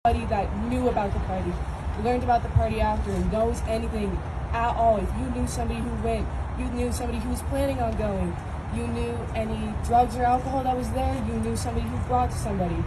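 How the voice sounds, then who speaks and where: A woman's voice: a little high, steady tone, quick pace. A woman making an assertive, self-assured video message outdoors near a road. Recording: loud traffic noise outdoors.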